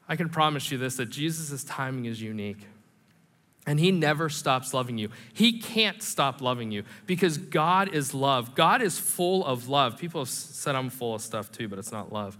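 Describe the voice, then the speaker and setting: A man preaching a sermon in a church, animated and conversational, with self-deprecating humor. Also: mid-range voice, normal speed. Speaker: pastor. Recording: reverberant hall.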